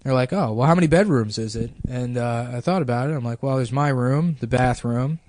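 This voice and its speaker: A man in his thirties telling a long story in casual podcast chat, deadpan and offhand, full of fillers. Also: mid-range voice, a little fast, no room sound.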